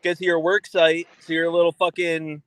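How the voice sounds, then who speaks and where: A man's voice: a little high, monotone, fairly quick, a bit bright, no room sound. A man ranting crudely and heatedly in casual group chat banter.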